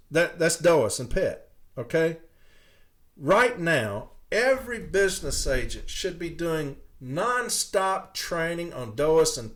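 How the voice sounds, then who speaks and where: Fired-up guy ranting on his podcast, cussing, slightly high voice. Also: a bit bright. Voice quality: angry, profane, emphatic. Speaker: podcast host. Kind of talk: ranting monologue.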